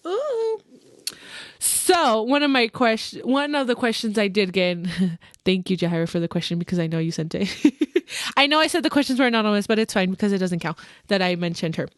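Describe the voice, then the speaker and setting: A young woman hosting a podcast, chatting casually about her work as a hairstylist, animated and mixing in Spanish phrases. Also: on the high side, brisk, no room sound, studio quality. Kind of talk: casual chat.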